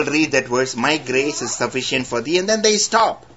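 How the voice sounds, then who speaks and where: A man preaching a sermon as a story, with humorous asides and slowed dramatic emphasis, in a dull lo-fi recording. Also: medium pitch, animated, a bit bright.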